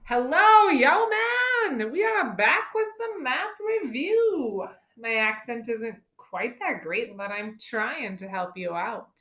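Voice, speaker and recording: A young woman teacher walks children through a lesson on video in a high, bright-pitched voice. She talks slowly and playfully, coaxing her pupils to join in. The sound carries an echoey room. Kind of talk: recorded online math lesson for children. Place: classroom or home room, filming a board.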